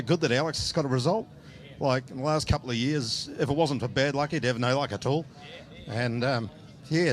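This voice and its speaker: A man running a racing team, speaking quietly and plainly after a win. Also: mid-range voice. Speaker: team owner. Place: outdoor motorsport circuit.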